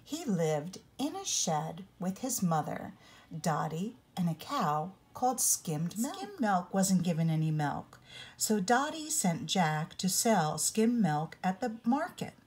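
An older woman, a grandmother, narrating a children's storybook aloud in an expressive read-along style. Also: lowish voice, takes it slowly, breathy edge. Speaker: storybook reader.

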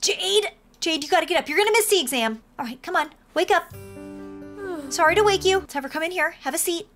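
A woman gives chatty, excitable commentary over her life-sim gameplay. Her voice sits very high and swings up and down with lively energy. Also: brisk, soft background music. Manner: excitable, chatty, gasps often. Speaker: gameplay narrator. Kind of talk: casual game commentary.

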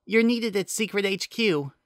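Man doing a high worried lady AI, urgent, bright sharp tone, storybook reading. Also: moderate pace, dry recording, clean studio sound. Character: anxious female AI agent.

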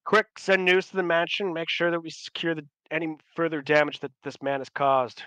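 A man doing a decisive governor in a tabletop game, giving firm orders. His voice is bright and close, recorded dry. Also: on the high side, fairly quick, clean tone, no echo, pitched above the performer's own voice. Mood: commanding. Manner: authoritative orders. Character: rightful male governor, authoritative and decisive.

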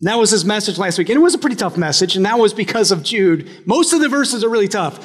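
A male pastor giving a sermon in a relaxed, joking way, often restarting his phrases. His voice sits high for a man. The church adds a long, trailing reverb. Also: fast. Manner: conversational and humorous, with frequent restarts. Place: church sanctuary.

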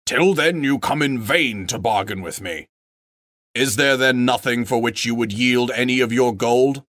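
A man's voice: mid-range voice, a bit bright, no room sound, studio quality, lightly acted. A man voicing a proud, stern male dwarf king, grave and commanding. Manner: grave, commanding, quick to wrath.

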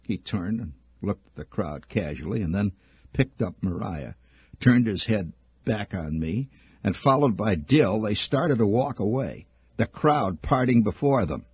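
A man's voice: on the low side, lively intonation, measured pace, breathy edge, dry recording. A middle-aged man reading his own story aloud with wry, vivid first-person storytelling. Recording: muffled dry old archive recording.

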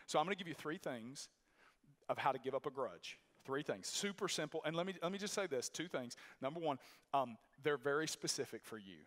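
A man's voice: a little high, expressive, fairly quick, fairly bright tone. A male pastor preaching a sermon in a church, emphatic and repetitive, telling a story with many restarts. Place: church sanctuary. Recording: long reverb of a church hall.

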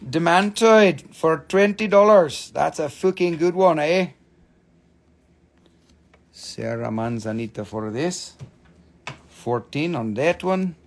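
A man hosting a live-stream mineral sale, gushing excitedly over each stone, swearing freely and calling out prices. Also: a little high, takes it slowly, pauses often. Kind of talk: live-stream sales chat.

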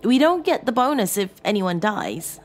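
A woman's voice: medium pitch, sing-song, moderate pace, faint music behind, voice pushed up, natural voice. A woman voicing a weary, resigned leopard bank robber who sighs through the words in a narrated horror story. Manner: sighing, resigned.

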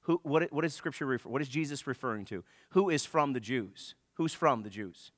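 A man's voice: medium pitch, expressive, a little fast, no echo, clean studio sound. A man preaching a sermon as pastor, in a joking, conversational manner. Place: church.

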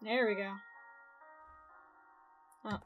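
A woman's voice: mid-range voice, fairly even intonation, extremely slow, faint music behind. A woman casually narrating her own gameplay, reacting aloud and swearing. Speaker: gaming streamer. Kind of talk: let's play commentary.

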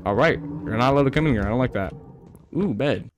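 A young gaming YouTuber with an expressive, medium-pitched voice narrates a horror game let's-play amid background noise. His talk is chatty and full of slang, he addresses the creatures on screen, and fear makes him yelp and rush.

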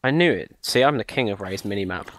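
A man's voice: fairly low pitch, lively intonation, quick pace, a little hiss or hum. A man co-hosting a casual game let's-play, teasing his friend with mock insults. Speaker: co-host in a Minecraft let's-play. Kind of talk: casual gaming chat.

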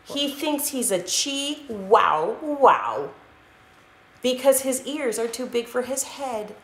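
A woman's voice: a little high, sing-song, slow, fairly bright tone, reverberant, pitched above the performer's own voice, full character voice. A woman voicing a teasing young sister cat in a children's storybook reading.

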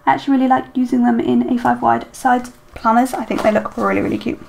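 Woman, planner vlogger, casual self-talk, slightly high voice, gravelly texture, faint hum behind. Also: fairly even intonation, fast, a little mellow. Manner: chatty, self-talking while decorating, many ums. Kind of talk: casual plan-with-me chat.

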